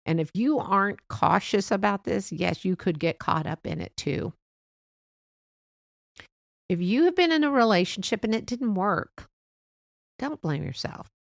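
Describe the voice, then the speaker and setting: A middle-aged woman hosting a faith-based motivational talk, speaking in a gentle, reassuring and chatty way with soft laughs. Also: medium pitch, expressive, measured pace, vocal fry, long pauses, dry recording, clean studio sound. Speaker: podcast host.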